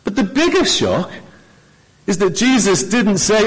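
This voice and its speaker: A man preaching a sermon, expressive, with dramatic pauses and key words trailing off low. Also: slightly rough, poor audio.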